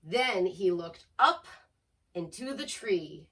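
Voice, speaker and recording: A woman reading a picture book aloud to children, expressive and asking listeners questions, heard from a distance. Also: medium pitch, a little slow. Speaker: storyteller.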